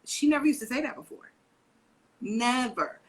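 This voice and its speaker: Her voice sits a little high and husky, moving at normal speed, and the recording is low quality. She's a parent educator co-hosting a casual live video chat on parenting, animatedly acting out family voices like her daughter's.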